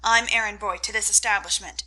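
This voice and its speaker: A woman voicing a lively teenage boy neighbor, breezy and cheerful. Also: medium pitch, brisk.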